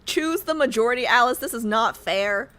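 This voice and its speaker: Excitable, high-voiced woman streamer. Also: moderate pace. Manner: chatty, excitable, addresses chat. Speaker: livestreamer. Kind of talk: casual live-stream chat and reading aloud.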